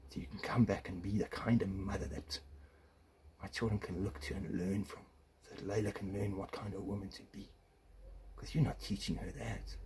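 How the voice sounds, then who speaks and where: A man's voice: fairly low pitch, noisy background. A man, an estranged father, delivering an angry, profane video rant with accusations, swinging between muttered asides and raised confrontation.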